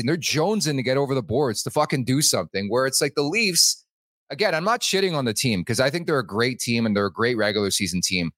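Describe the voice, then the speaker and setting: A man of middling pitch hosts a sports podcast in loose, everyday chat. He leans on "like" as a filler and swears without a second thought. The recording is dry and close. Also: fairly bright tone, dry recording. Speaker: podcast host.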